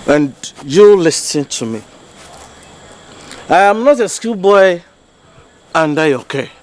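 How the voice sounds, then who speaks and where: A man's voice: fairly high pitch, lively intonation, takes it slowly. An actor playing a defiant, argumentative young man with a Ghanaian accent in a Ghanaian film drama.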